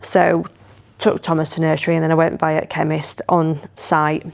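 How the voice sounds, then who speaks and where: A woman's voice: low-pitched, monotone, moderate pace, vocal fry. A woman, chatting casually and rambling animatedly as she talks to her vlog audience. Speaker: vlogger.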